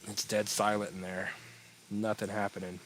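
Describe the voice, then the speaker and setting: A man with a fairly low voice walks through price charts on a live stream in a loose, rambling way. He answers chat as it comes in, yawns between points, and has faint music playing under his talk. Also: normal speed, poor audio. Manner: relaxed, rambling, yawning, reading chat aloud. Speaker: crypto livestream host. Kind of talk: casual live chart analysis.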